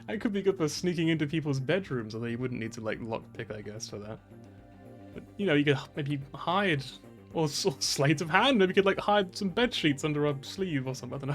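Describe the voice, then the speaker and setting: A man thinking aloud on a game stream, rambling through his choices with giggles and constant self-corrections. His voice sits a little high. Faint game music plays underneath. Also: a bit bright.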